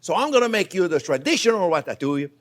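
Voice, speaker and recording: French man from Provence hosting a cooking lesson, chatty and swooping, higher-pitched. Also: fast talker. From Provence, France. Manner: animated and chatty, talks to viewers as friends. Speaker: cooking show host. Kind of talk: casual cooking demonstration. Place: home kitchen in Florida.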